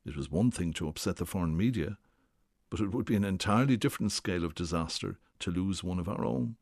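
Deep-voiced man reading a radio essay. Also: fast talker, creaky, darkish tone, no echo, studio quality. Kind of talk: scripted first-person radio essay.

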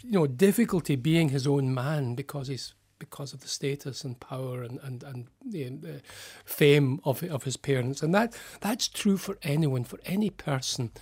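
A man with a Scottish accent, a clinical psychologist guest, explaining things in a thoughtful, halting way on a radio interview. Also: medium pitch, a little mellow, breathy edge.

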